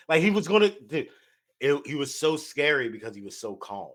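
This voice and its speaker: A young man co-hosting a casual podcast chat, relaxed and agreeable, often chiming in with short reactions. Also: on the high side, normal speed. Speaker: podcast co-host.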